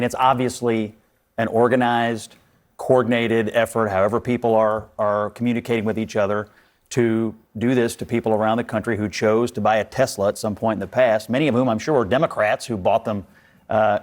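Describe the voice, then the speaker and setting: A man makes his point on a televised panel, his voice firm and indignant as he presses on. He talks like someone who expects to be heard out. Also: fairly low pitch. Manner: forceful, indignant. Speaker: panel guest. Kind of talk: heated TV panel debate.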